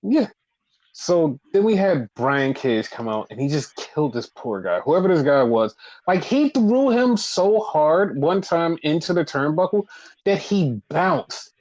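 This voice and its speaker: Animated, swearing man recapping wrestling. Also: fairly high pitch, unhurried. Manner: animated storytelling, acts out quotes, swears a lot. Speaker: podcast co-host. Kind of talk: casual wrestling recap chat. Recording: dull lo-fi podcast audio.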